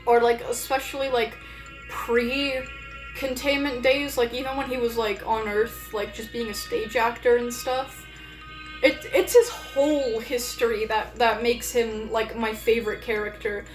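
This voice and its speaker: Casual woman streamer, a touch high-pitched, rambles on and on, with faint music playing in an echoey room. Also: steady tone, measured pace. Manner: rambling, many fillers and restarts. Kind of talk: casual live-stream chat.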